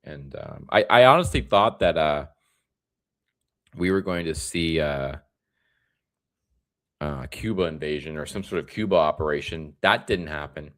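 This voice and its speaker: A young man from Florida hosting a casual live stream, rambling in a tired, relaxed way. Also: very deep voice, a little slow, long pauses. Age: young adult.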